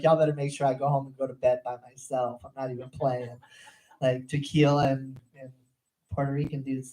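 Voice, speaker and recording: A woman's voice: sits low, mellow, low-quality recording. Brash, foul-mouthed woman doing stand-up. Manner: crude, profane, brash storytelling. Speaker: stand-up comedian. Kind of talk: stand-up routine. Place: comedy club stage.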